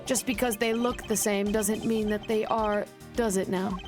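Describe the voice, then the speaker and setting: Calm formal male prosecutor voiced by a woman, mid-pitched, music underneath. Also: close to an everyday voice. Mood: confident. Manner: measured, formal courtroom delivery. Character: composed confident male prosecutor. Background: game music.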